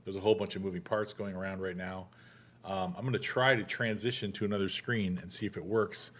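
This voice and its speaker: A man's voice: deep voice, fairly even intonation, a little fast, a bit bright. A middle-aged man hosting a casual chat show, joking and laughing as he talks. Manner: chatty, joking, laughs often. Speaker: show host.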